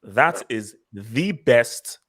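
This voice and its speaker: An opinionated man leads a casual film review chat. He speaks at a middle pitch for a man and strings his points together in long run-on thoughts. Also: expressive, very slow, fairly bright tone.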